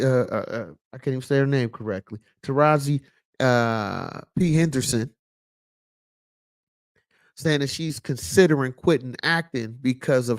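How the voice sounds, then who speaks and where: A man giving a casual, preachy commentary monologue, repeating lines for emphasis and dropping in lots of fillers. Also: medium pitch. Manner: loose casual speech with many fillers. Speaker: vlog host.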